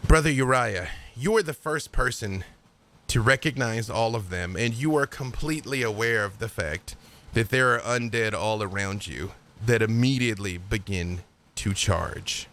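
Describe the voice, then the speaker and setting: A man's voice: fairly low pitch, measured pace, a bit bright, a little hiss or hum. A man narrating a tabletop game as game master in a laid-back way, with fillers.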